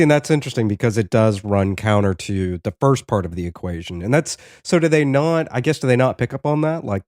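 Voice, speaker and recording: A man with a somewhat low voice hosts an interview. He asks curious follow-up questions and restarts his sentences as he goes. His voice sounds close and dry, with no room echo. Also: a little mellow. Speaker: podcast host. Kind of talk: conversational interview.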